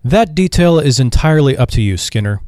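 A man's voice: mid-range voice, animated, brisk, warm tone, no echo, studio quality, natural voice. A man reading aloud and voicing a genial, sly, retired old shipping magnate who drawls his words.

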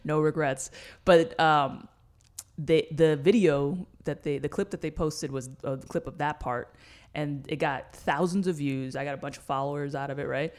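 A woman's voice: low-pitched, fairly even intonation, normal speed. Blunt New woman co-hosting. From New York City. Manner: blunt, swears freely, storytelling. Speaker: podcast co-host. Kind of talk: casual chat.

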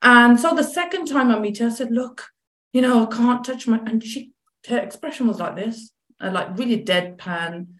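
A woman, a chronic pain coach as guest, telling a personal story in lively conversation and acting out what others said. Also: a little high, moderate pace, echoey room. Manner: animated, acts out quoted dialogue.

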